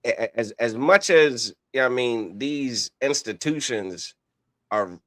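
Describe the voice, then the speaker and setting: Male co-host, average pitch, halting delivery, dry close mic. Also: expressive, a bit bright, no room sound. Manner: halting, restarts, many fillers. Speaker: podcast co-host. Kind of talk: casual podcast talk.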